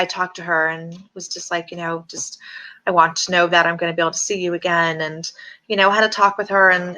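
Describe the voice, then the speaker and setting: A middle-aged woman telling a personal story in an interview, halting with many fillers and restarts. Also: mid-range voice, bright, forceful tone. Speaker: interview guest.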